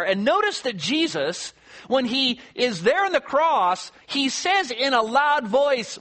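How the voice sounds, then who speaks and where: A man delivering a sermon with a high, bright voice. He explains scripture passages with earnest conviction and sometimes lowers to a hushed tone to stress a point. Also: animated, measured pace. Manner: earnest expository preaching, quoting scripture, drops quiet for emphasis. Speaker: pastor.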